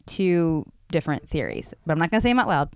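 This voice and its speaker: Enthusiastic woman co-host with a lowish voice, rambling, dry close recording. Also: very animated, fast talker, smooth, no echo. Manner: rambling and enthusiastic, restarts often, gushes. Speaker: podcast co-host. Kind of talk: casual chat.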